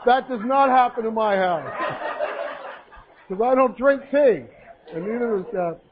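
Guy preaching, high voice, tells little jokes and reads bible verses, sounds like a phone recording. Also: unhurried, phone-quality sound, background noise. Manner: folksy storytelling with jokes and Bible reading. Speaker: pastor. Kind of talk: sermon.

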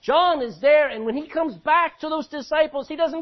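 A man preaching a sermon, animated, acting out voices from the scripture he reads. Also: very high-pitched, fairly quick. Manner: animated, acts out biblical voices. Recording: dull lo-fi recording.

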